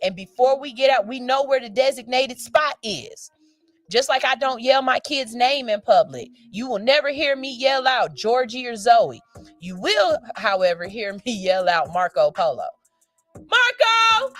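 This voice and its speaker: Woman, radio co-host, frank and emphatic, a bit high-pitched, swears freely. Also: expressive, normal speed, soft background music. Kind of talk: casual radio talk.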